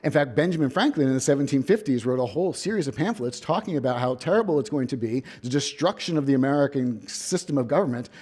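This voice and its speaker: A man lecturing in a hall as a visiting professor, his voice mellow and warm in tone. He talks through history like a story, leaning on key words and slipping in dry, wry asides. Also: medium pitch, lively intonation, quick pace, few pauses, breathy edge. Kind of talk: academic lecture.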